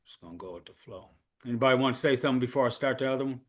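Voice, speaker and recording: A man with a plain, middle-pitched voice hosts a relaxed reaction chat. He picks his words carefully as he explains his view and asks his guests for their thoughts. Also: rapid-fire. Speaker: host running a reaction show.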